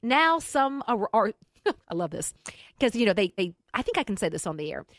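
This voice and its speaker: A woman's voice: mid-range voice, sing-song, moderate pace, no room sound, studio quality. A woman co-hosting a radio show, chatting casually and reading listener posts aloud with her own asides. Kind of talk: casual talk radio chat.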